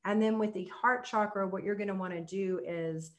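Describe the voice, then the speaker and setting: A young woman, a tantra coach, talking on a podcast and leading a soft, slow guided meditation. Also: mid-range voice, fairly even intonation.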